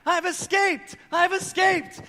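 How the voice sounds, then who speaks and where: A man doing a squealing excited little boy. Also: a little slow, big-room sound. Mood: gleeful. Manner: high squealing shouts.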